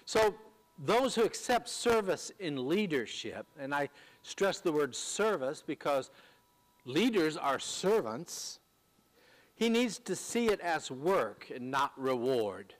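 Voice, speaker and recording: A man preaching a sermon, teaching in a measured way with frequent fillers and repeated words. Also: on the high side, sing-song. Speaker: pastor.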